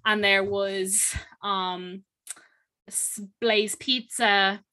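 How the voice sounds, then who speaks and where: Young Irish woman, casual storytelling, bright clear tone, chatty and loose, lots of fillers. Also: medium pitch, very slow. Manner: chatty, animated retelling full of fillers and "like".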